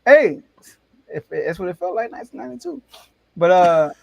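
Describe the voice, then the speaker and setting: A man hosting a casual sports debate show, telling stories in an animated, excitable way with big jumps in his voice. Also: high voice, moderate pace, creaky, no echo, muffled recording.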